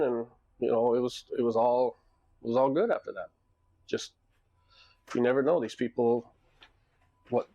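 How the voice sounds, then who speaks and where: A man's voice: medium pitch, darkish tone. A man who runs a club, telling a story casually in a loose, rambling monologue full of restarts and quoted dialogue. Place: Japan.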